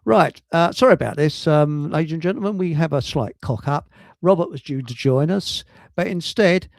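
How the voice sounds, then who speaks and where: A man's voice: fairly high pitch, vocal fry, dry recording, clean studio sound. Rambling man hosting a stream. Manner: rambling, halting with many restarts. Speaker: livestream host. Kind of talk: casual chat. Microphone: computer mic on a video stream.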